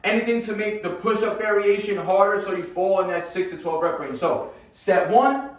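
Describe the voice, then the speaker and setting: A fitness coach with a high voice leads a workout at normal speed, keeping things casual and checking in with viewers through "right?" and "guys." The room is echoey, he's far from the mic, and music plays behind him.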